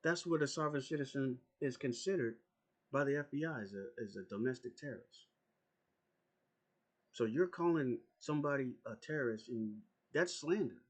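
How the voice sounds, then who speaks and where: A man's voice: medium pitch, lively intonation, normal speed. A man delivering an angry, profane political rant as a YouTuber, confrontational and repeating his points.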